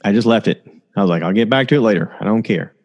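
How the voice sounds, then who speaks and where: Man, solo podcast host, lowish voice, casual rambling stories, frequent laughter. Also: quick pace, highs cut off. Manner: rambling storytelling, laughs often. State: tired, low on energy.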